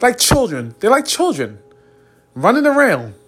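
A man's voice: very high-pitched, huge pitch swings, measured pace, fairly bright tone, slightly rough. A man hosting a podcast, giving a rambling, earnest spiritual monologue and chuckling between phrases. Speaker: podcast host.

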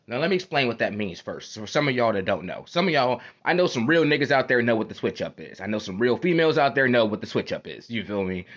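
A man's voice: medium pitch, fairly bright tone. A man hosting a podcast, talking in a heated, profane casual monologue and repeating his phrases for emphasis. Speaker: podcast host. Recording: dull lo-fi recording.

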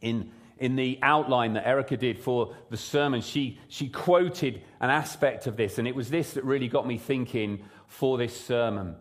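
A man preaching a sermon in a church service, praying and then talking in a lively, conversational way full of rhetorical questions. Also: mid-range voice, normal speed. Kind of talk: sermon with prayer. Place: church service, also streamed online.

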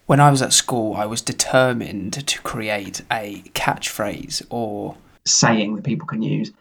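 A man co-hosting a podcast in casual chat, wry and rambling, with a husky voice and a recording that turns muffled at times. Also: on the low side, steady tone, unhurried, fairly bright tone. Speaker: podcast co-host. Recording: muffled at times from tech problems.

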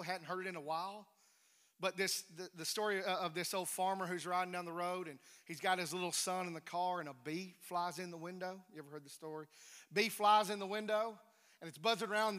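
A man preaching a sermon, emphatic, swinging between loud declarations and hushed near-whispers. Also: high-pitched. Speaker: pastor. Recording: reverberant hall.

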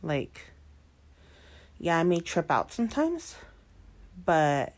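Here the twenty-nine-year-old single mom speaks slowly in a sing-song voice on the low side. Her monologue is defiant and full of swearing and repetition, switching back and forth between Spanish and English.

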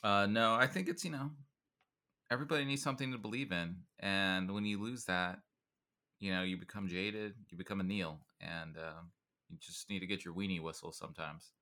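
A man's voice: low voice, fairly even intonation, moderate pace, pushed and bright. A man co-hosting a podcast, rambling in casual chat with crude jokes. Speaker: podcast co-host.

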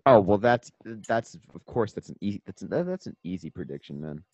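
A young man co-hosting a podcast in casual chat, jokey and animated, often trailing off into a mutter. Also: sits low, brisk, dry recording, muffled recording. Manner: animated, jokey, drops to a mutter at line ends. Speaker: podcast co-host.

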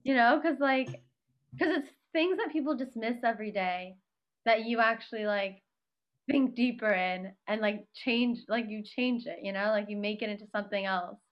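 A woman hosts an interview, circling her questions with lots of fillers. Her voice sits a little high and the recording sounds dull and lo-fi. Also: moderate pace. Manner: rambling, heavy use of "like". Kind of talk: casual interview chat.

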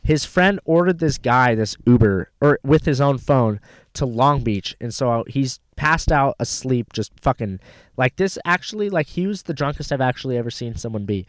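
A man in casual chat, telling a rambling story full of swearing and animated retellings of what people said. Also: mid-range voice, normal speed, no room sound. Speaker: rideshare driver telling a story.

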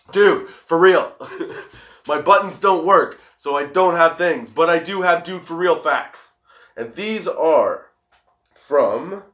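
A young man, high and giggling, hosting a rambling, casual stoner chat show and swearing freely. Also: fairly bright tone. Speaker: host.

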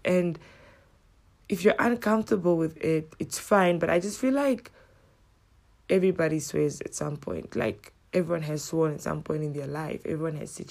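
A woman's voice: sits low, normal speed, gravelly, pauses often. A woman telling stories to her viewers in a casual, blunt rant, swearing freely and acting out what people said. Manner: blunt, heavy swearing, animated retelling. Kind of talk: casual storytelling rant to camera.

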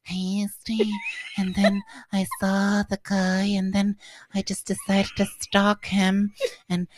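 A man mimicking his sister's flat monotone. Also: high voice, slow pace, a little hiss or hum, voice pushed up. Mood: deadpan. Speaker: podcast co-host.

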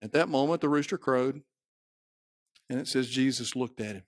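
A man with a Southern US accent preaching a sermon, moving from quiet storytelling to shouted peaks. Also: medium pitch, moderate pace, no room sound. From Southern United States. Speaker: pastor.

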